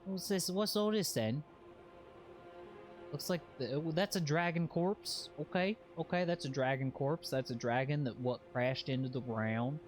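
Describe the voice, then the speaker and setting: A man giving casual live commentary while playing a video game. He swears freely and yelps and shouts at what happens on screen. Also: a little high, measured pace. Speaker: game streamer. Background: game music.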